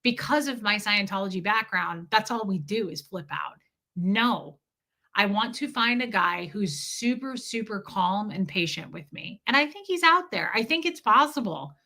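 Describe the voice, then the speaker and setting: A woman hosts a casual livestream and talks straight to her viewers. Her voice has a bright, forward edge at a medium pitch. She speaks candidly and emphatically, swears freely, and often restarts or repeats words. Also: lively intonation, normal speed. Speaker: livestream host reading viewer chat.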